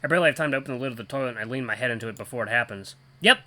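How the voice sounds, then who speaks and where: A man reading a visual novel aloud in a lively, wry way as host of a gaming channel. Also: mid-range voice, racing. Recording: faint guitar music behind.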